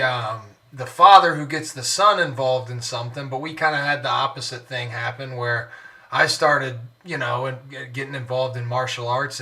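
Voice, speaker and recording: A man's voice: on the high side, bright, forceful tone. Rambling young man hosting a podcast. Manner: rambling, joking, self-mocking. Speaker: podcast host. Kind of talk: casual podcast talk and ad reads.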